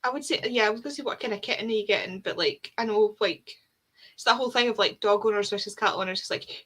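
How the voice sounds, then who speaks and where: A Scottish woman hosting a casual reading livestream, chatty and self-deprecating, quick to laugh at herself. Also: medium pitch, fairly bright tone. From Scotland. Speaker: host of a reading sprint livestream. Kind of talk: casual chat.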